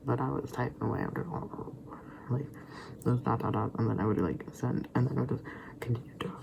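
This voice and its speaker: Young man, vlog rant, gravelly voice, stammering restarts, whispered asides, background noise hum. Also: mid-range voice, fairly quick. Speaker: vlogger. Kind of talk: casual rambling monologue.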